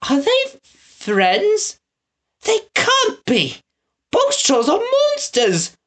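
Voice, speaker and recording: A woman voicing a spirited young girl, eager and excited. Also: very high voice, drawn-out words, voice pushed up, exaggerated voice.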